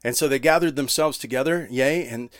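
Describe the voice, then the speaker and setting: A man's voice: mid-range voice, dry recording. Plain-spoken male preacher, dry close sound. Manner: conversational preaching, frequent "right?" asides; reads scripture slowly, then explains in plain words. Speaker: pastor. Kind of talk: sermon.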